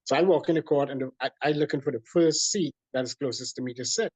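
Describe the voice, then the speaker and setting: A man, a guest in an interview, telling a personal story in an animated way with many restarts. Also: mid-range voice, fast, breathy edge, dry recording. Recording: dull lo-fi dry sound.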